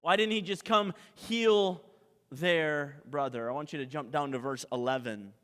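Male pastor, dramatic sermon, high bright voice, long hall echo. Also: measured pace. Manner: dramatic preaching, sung hymn opening, rhetorical questions.

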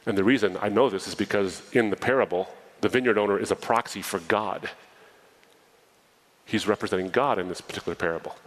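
A man's voice: fairly low pitch, fairly quick, low-quality recording. A man preaching a sermon, reading a parable aloud and breaking off into casual asides to explain it. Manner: animated storytelling, reading scripture with asides.

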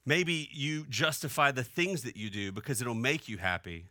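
Young male pastor, conversational sermon delivery, very bright tone, dry close sound. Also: medium pitch, moderate pace, dry recording. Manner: conversational preaching, asks the room "right?". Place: church hall.

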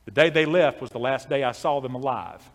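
A man voicing a soft-spoken, godly farmer in his early sixties who stammers humbly and talks in a homespun way. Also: medium pitch, brisk, in a large hall, lightly acted. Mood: quiet faith.

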